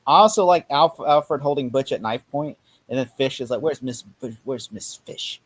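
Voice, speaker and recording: A man's voice: mid-range voice, moderate pace. A man hosting a casual chat, animatedly acting out lines from scenes, with many fillers. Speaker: podcast host.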